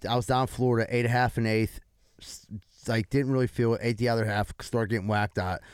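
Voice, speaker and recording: A man in a casual chat, telling an animated story and swearing freely. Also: mid-range voice, a little fast, smooth, no room sound, studio quality.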